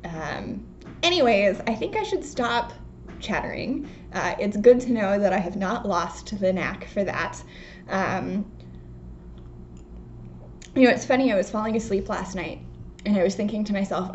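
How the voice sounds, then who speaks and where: A woman's voice: mid-range voice, lively intonation, unhurried, pauses often, darkish tone, lo-fi sound. A young woman hosting a knitting podcast from home, chatting casually and rambling with lots of ums. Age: young adult. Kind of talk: casual chat. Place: home, indoors. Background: faint outdoor work noise.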